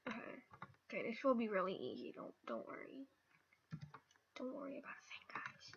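A young woman giving chatty, excitable commentary while playing an online game, with sudden squeals and whispered asides. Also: a little high, fairly quick, gravelly. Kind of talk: casual gameplay commentary. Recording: dull lo-fi mic.

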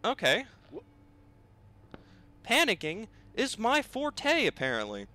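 A man's voice: sits high, sing-song, unhurried, bright, forceful tone, slight background noise. A young man commentating his own gameplay, exasperated and bickering aloud with the game and himself. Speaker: gaming video host.

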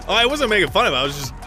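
A man streaming, teasing a friend with a laugh. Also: sits high.

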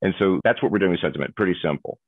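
A man being interviewed as a guest, explaining technology in an animated way and acting out examples. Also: deep voice, rapid-fire, gravelly, husky, dry recording. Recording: dry, tinny phone-like audio.

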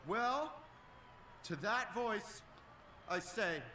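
An actor playing an earnest, soft-spoken teenage boy musician who hesitates and stammers. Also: sits high, animated, drawn-out words, heavily acted.

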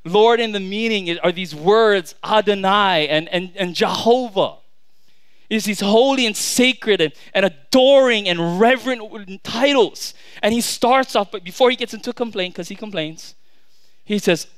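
A man in his thirties preaches a sermon in a high, smooth, resonant voice. He repeats and restarts words, then swings from loud declarations to quiet asides. The recording is dry and close. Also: moderate pace, dry recording. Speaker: pastor.

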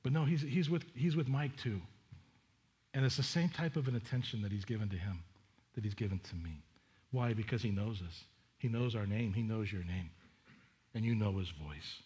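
A man's voice: fairly low pitch, moderate pace, a little mellow. A male pastor preaching a sermon in an earnest, conversational way, often restarting his sentences. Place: church sanctuary.

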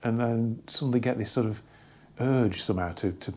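A man casually talking through an album from his record collection, rambling and enthusiastic with many pauses and restarts. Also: mid-range voice, a little mellow. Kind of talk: casual hobby vlog.

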